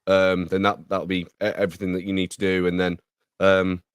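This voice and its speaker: A man co-hosting a podcast pre-show, casually talking through software settings with lots of ums and easy laughter. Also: deep voice, flat delivery, a little fast, clear, resonant tone, no room sound, clean studio sound. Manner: laughs easily, explains tech with many ums. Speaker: podcast co-host.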